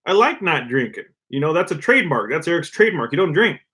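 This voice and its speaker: A podcast co-host with a slightly high voice chats casually at a quick pace, relaxed and loose, peppering his sentences with "you know" and "like."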